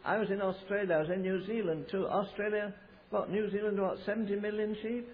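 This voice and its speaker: A man's voice: steady tone, fairly quick. A man from America preaching a sermon, telling stories with emphasis and frequent restarts. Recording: tinny, phone-like low-fidelity recording.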